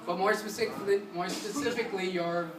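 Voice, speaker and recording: Over a noisy crowd, a fast-talking, high-pitched man runs a music lesson in a community center room. He sings short syllables to demonstrate and energetically keeps quizzing the class; a distant mic picks up a roomy sound with room noise.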